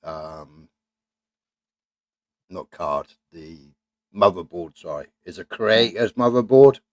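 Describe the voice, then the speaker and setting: Low-voiced rambling sweary man. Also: animated, slow pace, no room sound. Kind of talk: casual chat.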